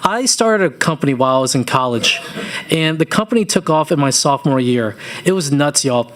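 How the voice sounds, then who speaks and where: A man in his thirties from Louisiana speaks to a committee as a business owner. His voice sits fairly high, and he tells his story earnestly with casual, folksy asides. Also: lively intonation, brisk, fairly bright tone. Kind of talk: public testimony at a committee hearing.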